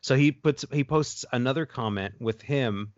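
A man's voice: medium pitch, moderate pace, no echo, lo-fi sound. A man co-hosting a casual chat and telling stories, rambling with many fillers and restarts. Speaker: podcast co-host.

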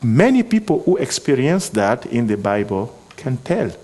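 A man with a foreign accent preaching a sermon, earnest and exhorting, often pausing with hesitations and restarting his words. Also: mid-range voice, sing-song, darkish tone. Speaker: guest preacher.

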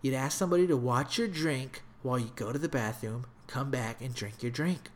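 A man's voice: medium pitch, fairly quick, natural voice. A man putting on his worried nagging mom. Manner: pleading, repetitive, hushed. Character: worried nagging mother, middle-aged woman.

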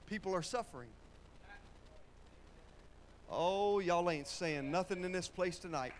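A man's voice: high-pitched, fairly bright tone. A man preaching a sermon in a church, moving between casual storytelling and call-and-response with the congregation, using colloquial phrasing. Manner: conversational, with Southern-style colloquial phrasing.

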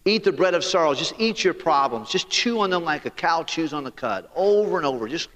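A man preaching a sermon as pastor, animated and talking straight to his congregation. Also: fairly high pitch, fairly quick, in a large hall.

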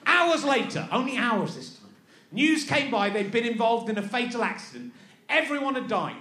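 A man's voice: very high voice, big pitch swings, moderate pace, sharp tone. A man doing live stand-up, sarcastic and incredulous as he mocks an email, often repeating his words. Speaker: stand-up comedian. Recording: echoey live venue with audience.

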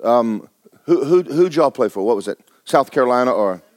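A man's voice: mid-range voice, animated, normal speed, a little mellow, dry recording. A man preaching a blunt, exhorting sermon, firing rhetorical questions at his congregation. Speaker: pastor.

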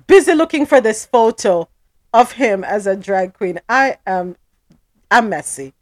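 A woman podcast host with a lively, swooping voice, recorded dry and close. She moves from reading news headlines into giggly, gossipy banter. Her pitch sits in a middle range. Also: unhurried, no echo. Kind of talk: casual news recap chat.

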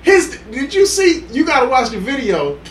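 A man with a high, very lively voice tells sports stories in loose, excitable podcast chat, jumping into acted quotes and laughing loudly. He was recorded in an echoey room with a faint hiss behind him. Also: moderate pace. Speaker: podcast co-host. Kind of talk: casual chat.

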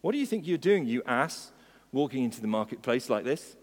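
A man's voice: mid-range voice, sing-song, a little fast. A man voicing scornful passers-by in a market, scolding a donkey. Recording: long hall reverb.

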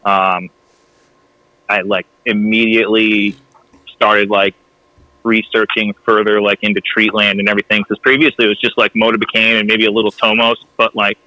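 A man's voice: on the low side, little pitch movement, moderate pace, pushed and bright, no room sound, low-quality recording. A young man with a Rhode Island accent, a podcast guest telling stories in casual chat, laughing often and swearing. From New England.

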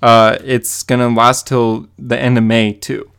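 A man's voice: medium pitch, level tone, a little slow, vocal fry, a bit bright, clean tone. A man co-hosting a podcast, casually recapping a comic book issue with lots of fillers and laughs. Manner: rambling, many fillers, laughs while retelling. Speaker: podcast co-host.

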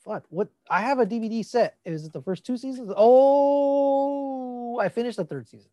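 A man with a fairly high voice and dry, close sound chats loosely about shows. He restarts often and swears freely, at an easygoing pace. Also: quick pace, no room sound, muffled recording. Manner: relaxed, loose, swears freely, repeats words. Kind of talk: casual chat.

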